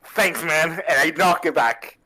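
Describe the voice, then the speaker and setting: A man's voice: on the high side, unhurried, sharp tone. A man playing a tabletop game, joking along in character. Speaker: player.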